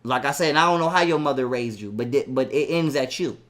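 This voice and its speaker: A young man telling a heated story in a profane, animated way and acting out what people said. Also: medium pitch, fairly quick. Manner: profane, animated, acts out quotes. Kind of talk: casual ranting story.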